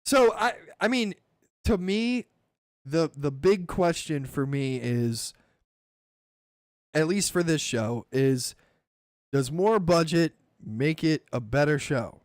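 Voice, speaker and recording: A man with a fairly high voice talks loosely and profanely on a podcast, rambling and laughing easily. His voice sounds close and dry, with no room around it. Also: lively intonation, takes it slowly, pauses often, no echo. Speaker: podcast co-host. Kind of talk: casual chat.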